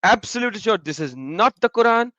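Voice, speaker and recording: A man voicing a calm male debater who presses his point with patient, insistent questions. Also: high-pitched, quick pace, no echo, highs cut off, pitched above the performer's own voice.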